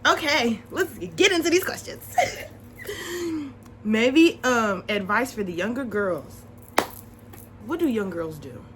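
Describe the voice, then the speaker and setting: Lively, high-voiced young woman vlogger. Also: slow, pauses often, slight background noise, low-quality recording. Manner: animated and chatty, repeats points for emphasis, laughs often. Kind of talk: casual advice chat to the camera.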